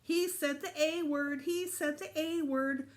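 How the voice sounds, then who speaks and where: A woman doing a squeaky whiny little boy. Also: very animated, unhurried, sharp tone, heavily acted. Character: whiny six-year-old boy, a pest.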